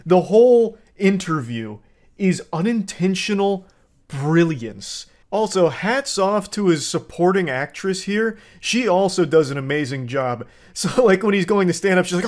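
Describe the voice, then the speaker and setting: A man giving sarcastic, animated reaction commentary on a clip. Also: high-pitched, normal speed.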